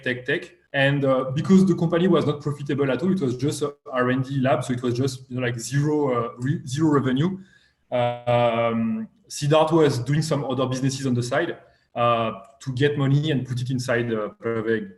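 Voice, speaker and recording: A man's voice: medium pitch, reverberant. A man speaking as a guest investor in a live online interview, talking hesitantly with many fillers.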